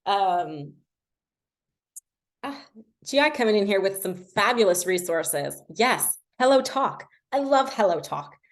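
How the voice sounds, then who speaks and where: A woman's voice: medium pitch, expressive, slow. Chatty woman teaching language tips. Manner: chatty, self-deprecating, lots of fillers. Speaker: language learning coach. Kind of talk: casual livestream teaching.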